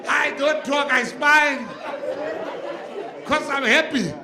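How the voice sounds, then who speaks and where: A man's voice: extremely high pitch, fairly even intonation, slow, gravelly, crowd noise. A South African man, a government minister, giving a humorous speech and telling jokey stories to a laughing audience. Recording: echoey hall with audience laughter.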